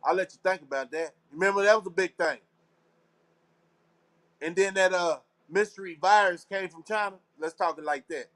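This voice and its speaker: At a normal speed and in a high-pitched, fairly bright voice, a Texas-born show host rambles through a casual live talk show. His delivery is slangy, preachy, and conspiratorial, with repeated phrases.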